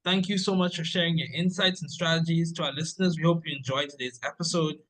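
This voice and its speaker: A man's voice: a little high, steady tone, fast talker, fairly bright tone, rough recording. A man hosting a podcast interview, giving brief affirmations and a polite sign-off. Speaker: podcast host.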